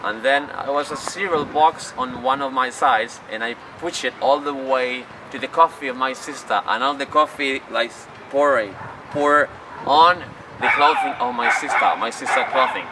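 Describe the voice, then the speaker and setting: A Chilean man whose first language is Spanish tells rambling, chatty stories to the camera outdoors in a city, his English marked by non-native phrasing. He is a job applicant and tourist guide, with a medium-pitched voice and moderate pace. The mic is distant and street noise is loud.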